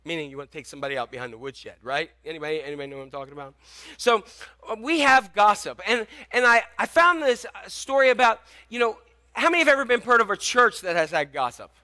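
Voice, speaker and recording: Speaking fast in a high, animated voice that sounds pushed and bright, this male pastor delivers a conversational sermon. He questions the congregation and shares stories along the way.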